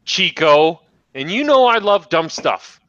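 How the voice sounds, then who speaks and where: A man hosting a casual podcast, joking and excitable, swearing freely. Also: high-pitched, slow, no echo, highs cut off. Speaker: podcast host.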